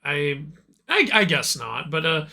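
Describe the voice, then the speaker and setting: A young adult man hosting a casual gaming chat. He talks in an animated way, laughs often and restarts his sentences a lot. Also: a little high, measured pace, vocal fry. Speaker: host.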